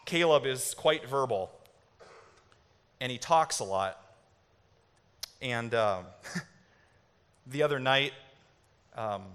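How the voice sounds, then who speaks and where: A man's voice: mid-range voice, clear, resonant tone. A man in his thirties preaching a sermon as a pastor, conversational at first and rising to impassioned exhortation, in a church sanctuary. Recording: reverberant hall with soft music.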